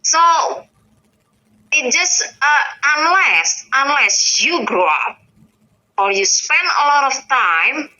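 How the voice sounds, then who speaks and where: Hesitant non-native woman, bright, far off. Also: high-pitched, animated, slow pace. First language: not English. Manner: hesitant, with many restarts and fillers, then firm and emphatic. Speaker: interview guest. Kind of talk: casual interview conversation. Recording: distant, dull, echoey recording with faint noise.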